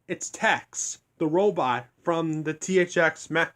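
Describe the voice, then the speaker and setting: A young man with a somewhat high-pitched voice rambles through a casual story recap. He keeps his voice hushed so he won't wake anyone. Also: takes it slowly. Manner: rambling, hushed to keep from waking others. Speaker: reviewer.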